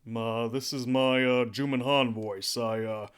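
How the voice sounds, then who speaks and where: A man voicing a serious young male character in a slow, heavy manner. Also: mid-range voice, steady tone, clear, resonant tone, natural voice. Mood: solemn.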